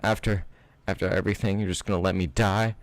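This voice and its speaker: A man's voice: sits low, steady tone, fast, no echo, pitched above the performer's own voice. A man voicing a heartbroken young female pegasus pony in a fan-fiction reading, pleading and wailing in a raised voice.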